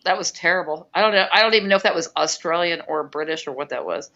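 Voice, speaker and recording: Middle-aged woman, bright tense tone, lowish voice, dull lo-fi recording. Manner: teasing, quick retorts. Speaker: co-host, host's mother. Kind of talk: casual chat.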